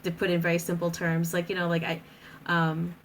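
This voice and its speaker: A woman's voice: lowish voice, monotone, brisk, a little hiss or hum, low-quality recording. A woman in her thirties, a podcast guest chatting casually with lots of fillers and frequent laughter.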